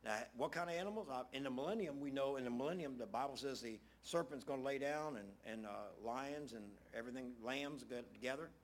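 A man's voice: mid-range voice, a little fast, few pauses, slight background noise. A man preaching a casual, conversational sermon, folksy, often repeating phrases for emphasis.

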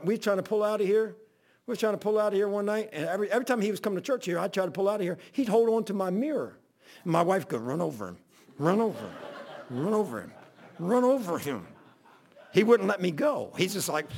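This is a pastor spinning a comic tale from the pulpit, slipping into the voices of the people he describes. His voice sits high for a man and has a gravelly, rough edge. He talks in a loose, folksy way and laughs often. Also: a little mellow. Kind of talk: storytelling sermon.

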